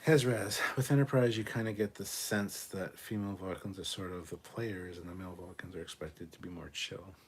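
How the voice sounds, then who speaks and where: A man hosting a casual livestream, reading viewer comments aloud and answering them in a relaxed, off-the-cuff way, swearing freely. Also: deep voice, a little fast, hardly any pauses, breathy edge. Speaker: livestream host reading chat. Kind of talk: casual live chat.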